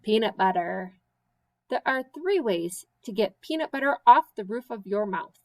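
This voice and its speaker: A woman teacher reading silly children's poems aloud with slow, sing-song, playful emphasis. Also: mid-range voice, lively intonation, low-quality recording. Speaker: special education teacher.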